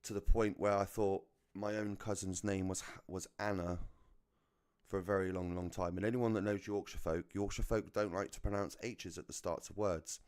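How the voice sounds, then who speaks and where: A man's voice: deep voice, fairly even intonation, moderate pace, darkish tone, smooth. A British man with a neutral British accent, chatting casually while streaming a racing game, swearing freely and laughing at his own jokes. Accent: neutral British English. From United Kingdom. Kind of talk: casual chat while gaming.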